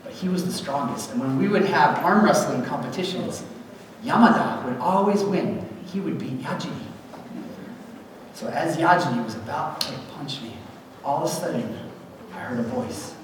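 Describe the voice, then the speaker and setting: A man tells a personal testimony in a lively, animated way, slipping into other people's voices as he goes. His voice sits a little high, and he is picked up from far off in a big echoing hall with a long reverb. Steady room noise hangs underneath. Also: moderate pace. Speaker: speaker at a church gathering. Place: church hall event. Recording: echoey hall recorded from far off.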